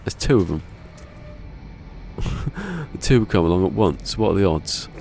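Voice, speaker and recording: A man's voice: sits low, very animated, a little slow, creaky, darkish tone. A man chatting casually while streaming a game, rambling through anecdotes with chuckles between them. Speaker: gaming streamer. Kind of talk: casual live-stream chat. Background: game music.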